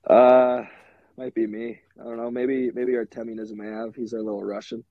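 A young adult man from Minnesota, a hockey goalie, appears as a podcast guest, talking in a laid-back, casual way peppered with "like" and "you know." His voice is medium-pitched and level at a moderate pace, with phone-quality sound and no echo.

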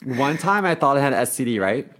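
A man's voice: medium pitch, very animated, fairly quick, a bit bright. A man in an everyday middle register spins frank, rambling stories on a casual podcast. He leans on fillers and restarts as he talks. His tone stays loose and conversational throughout. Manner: candid, rambling storyteller with many fillers. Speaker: podcast co-host.

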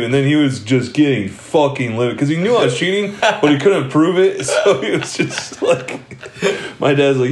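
A man's voice: on the high side, normal speed, slight background noise. A young man telling stories in casual chat, rambling, laughing often and swearing freely. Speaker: podcast co-host.

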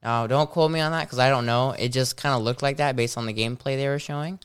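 Male co-host, smooth clear voice, easygoing and hesitant game chat. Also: mid-range voice, fairly even intonation, fast. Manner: laid-back, hesitant, frequent ums. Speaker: podcast co-host. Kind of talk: casual chat about video games.

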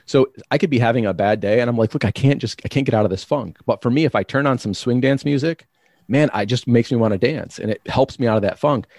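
A man's voice: mid-range voice, a little mellow, no room sound, clean studio sound. A man being interviewed, explaining his ideas in a reflective, searching way with many restarts. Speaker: guest. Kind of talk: conversational interview.

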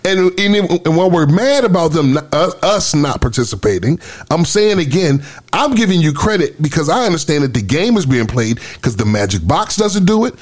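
A man's voice: fairly high pitch, big pitch swings, moderate pace. A man, co-hosting a casual podcast discussion in an emphatic, preachy way. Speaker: podcast co-host.

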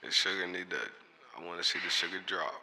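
Southern male co-host, low-pitched and bright, easygoing slang-heavy storyteller. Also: fairly even intonation, fast talker. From North Carolina. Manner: slangy storytelling, frequent "you know what I'm saying". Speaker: podcast co-host. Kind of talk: casual chat.

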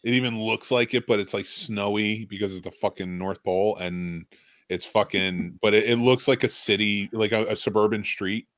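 A man's voice: lowish voice, normal speed, no room sound. A man in a casual podcast chat, telling a story with lots of swearing and acting out scenes. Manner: animated, swearing storyteller who acts out scenes. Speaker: podcast co-host.

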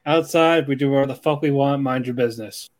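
A man's voice: mid-range voice, quick pace. A man co-hosting a podcast, casually rambling through an anime plot recap and quoting the characters. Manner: rambling retelling with fillers and quoted lines. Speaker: podcast co-host.

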